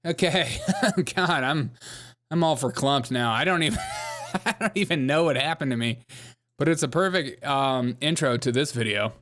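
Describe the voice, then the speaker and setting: A man's voice: mid-range voice, moderate pace, a bit bright. A man hosting a comedic commentary livestream, joking, laughing often and reading out the chat. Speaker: livestream host.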